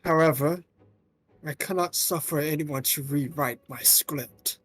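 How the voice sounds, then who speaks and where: A man doing a deep-voiced villainous president. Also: measured pace, fairly bright tone, soft background music. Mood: menacing. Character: scheming villainous male president, grandly formal.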